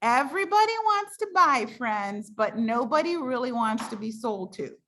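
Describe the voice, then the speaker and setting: A woman coaching her sales team on a call, chatty and animated. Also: fairly high pitch, normal speed. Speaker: direct sales team leader.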